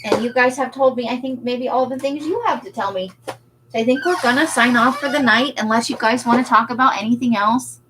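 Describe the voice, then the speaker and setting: Chatty, laughing woman with a higher voice. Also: brisk, noisy background. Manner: chatty, self-deprecating, laughs often, answers viewer comments. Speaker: craft shop owner hosting a livestream. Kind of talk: casual livestream chat.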